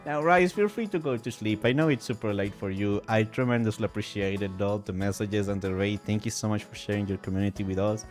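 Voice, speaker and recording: A male streamer chatting emotionally and excitably while gaming, with sudden high outbursts. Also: a little fast, few pauses, faint music behind. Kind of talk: casual live-stream chat while gaming.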